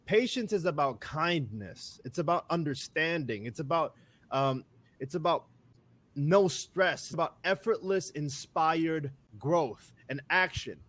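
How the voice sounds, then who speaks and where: A man talking as a guest in a casual conversation, animated and repeating words with many fillers. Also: a little high, measured pace.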